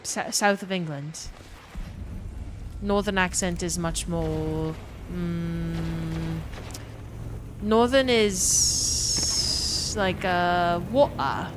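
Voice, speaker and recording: A woman's voice: fairly low pitch, extremely slow, pauses often, noisy background. A woman from New Orleans chatting casually and rambling on a game live stream, swearing freely and greeting chat. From New Orleans, USA.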